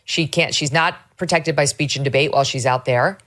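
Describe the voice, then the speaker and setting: A woman talk show host argues her point in an emphatic, animated way. Her voice sits on the low side for a woman. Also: a little fast. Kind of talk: political talk show discussion.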